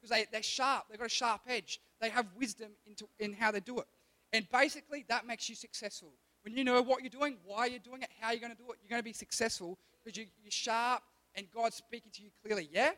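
A man preaches to young people. He speaks quickly and casually and slips into little acted voices for his examples. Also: very high voice. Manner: energetic, conversational, acts out quoted voices. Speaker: youth pastor. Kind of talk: sermon.

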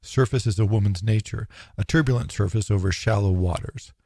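Gravelly low-voiced male narrator, solemn. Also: a little mellow, no room sound, studio quality. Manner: measured, solemn declamation. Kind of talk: audiobook reading of philosophy.

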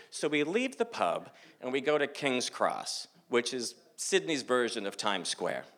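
A man's voice: fairly high pitch, normal speed. A man in his forties from Massachusetts, telling a self-mocking story live on a theater stage. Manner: animated, self-mocking, acts out dialogue.

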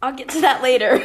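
A young woman chats casually on a podcast and keeps asking how things could be possible. Her voice sits a little higher than most. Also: rough recording. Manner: curious, asks incredulous questions. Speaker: podcast co-host. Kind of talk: casual chat.

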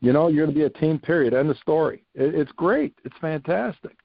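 Older gravelly-voiced man telling stories. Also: fairly high pitch, brisk, no room sound, narrow, tinny audio. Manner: animated storyteller, repeats phrases, laughs. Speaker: retired coach, podcast guest. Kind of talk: casual storytelling interview.

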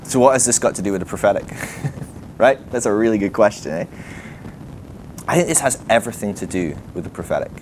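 A lower-pitched man preaching in a relaxed, conversational way, thinking out loud with lots of fillers and quick laughs. The delivery is animated and chatty rather than formal. A faint hum of noise sits behind him. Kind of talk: sermon teaching.

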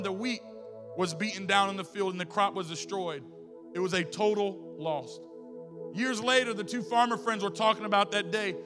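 A man preaching an impassioned sermon in a church, swinging between loud and soft. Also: high voice. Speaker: pastor. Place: church sanctuary. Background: music playing.

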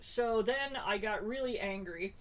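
A woman co-hosting a podcast in relaxed, wry chat. Her voice sits in a middle pitch, and she keeps going with plenty of fillers and self-corrections. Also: measured pace. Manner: chatty and wry, many fillers and restarts. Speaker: podcast co-host.

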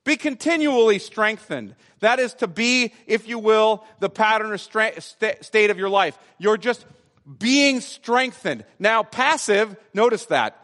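A man's voice: high voice, expressive, fairly bright tone. Man preaching in a reverberant church. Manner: expository preaching, emphatic repetition, slows to stress key words. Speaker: pastor. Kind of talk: sermon. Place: church sanctuary.

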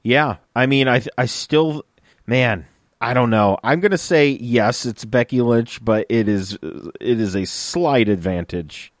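A relaxed young man chats casually as a podcast co-host. He reads listener questions aloud and answers them in an easygoing way. His voice sits at a middle pitch, and the recording is dry and close with no room sound. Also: measured pace, dry recording. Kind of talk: casual chat.

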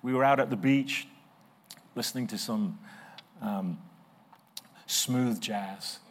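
A middle-aged male pastor preaching a sermon, swinging from soft, slow passages to loud, emphatic ones. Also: medium pitch.

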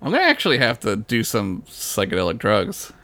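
Lively bright-voiced joking podcast man. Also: lowish voice, brisk, vocal fry, dry recording. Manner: laid-back, jokey, heavy "like" fillers, swears. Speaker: podcast co-host. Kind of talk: casual chat.

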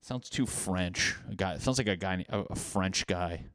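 Young guy podcasting, low smooth voice, rambly and self-roasting, cusses a lot, dry close sound. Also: normal speed, fairly bright tone, no echo. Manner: rambling, self-mocking, swears freely, laughs at own jokes. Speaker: podcast host. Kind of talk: casual comedic monologue.

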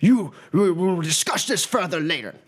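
A man's voice: sits high, expressive, normal speed, breathy edge, pitched above the performer's own voice. A man voicing a flustered old male gnome dean who stammers and placates.

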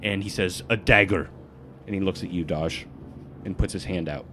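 A man narrating as game master of a tabletop game, lively and laughing along. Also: low voice, a little fast, noisy background.

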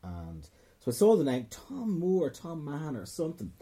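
A young Dublin man, a stand-up comedian, tells a rambling, profane story in casual chat and keeps cutting himself off mid-sentence. His voice sits on the high side with wildly swooping pitch, a moderate pace, and a warm tone with a breathy edge.

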